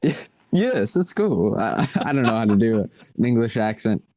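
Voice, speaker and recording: A man's voice: medium pitch, big pitch swings, moderate pace, darkish tone, slight background noise. An American man co-hosting a live game stream, hesitant and easygoing, answering in short replies. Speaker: co-host. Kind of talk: casual live stream chat.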